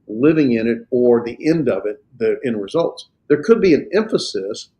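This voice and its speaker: A man with an American Southern accent teaching a Greek class, explaining slowly with many fillers and restarts. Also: mid-range voice, animated, warm tone. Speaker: Greek instructor. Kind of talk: classroom lecture and Q&A.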